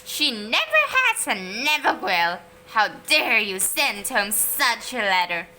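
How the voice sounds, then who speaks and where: A woman voicing a shrill, indignant mother in a storybook. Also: sing-song, takes it slowly, bright, forceful tone, a little hiss or hum, exaggerated voice. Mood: outraged. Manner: shrill, outraged.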